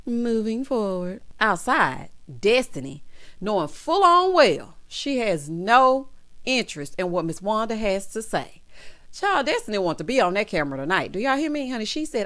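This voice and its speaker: A woman giving sassy, gossipy casual commentary as she recaps a reality show, laughing loudly. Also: medium pitch, big pitch swings, normal speed.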